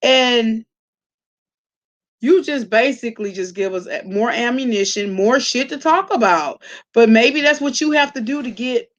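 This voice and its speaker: A woman's voice: a little high, a little slow. Sassy woman talking to her live chat. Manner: sassy, blunt, talks straight to chat. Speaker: live-stream host. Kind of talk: casual live-stream commentary.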